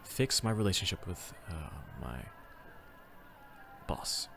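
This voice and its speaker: A man playing through a travel adventure game, mixing casual chatter with dramatic reading of its text. His pitch moves in a lively, animated way. Faint music runs underneath. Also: takes it slowly, creaky. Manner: reads game text in a put-on theatrical way. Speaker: game player. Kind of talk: casual let's-play commentary and reading aloud.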